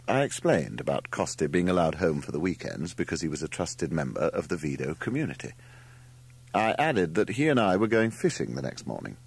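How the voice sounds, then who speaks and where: Male narrator, deep and husky, expressive wry storytelling. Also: brisk. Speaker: audiobook narrator. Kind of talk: scripted narration.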